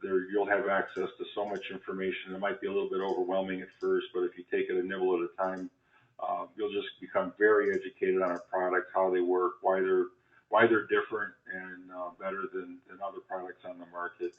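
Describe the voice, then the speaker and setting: A man pitching a home business opportunity on a phone call, hesitant and full of fillers. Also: monotone, fairly quick. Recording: tinny phone line in an echoey room.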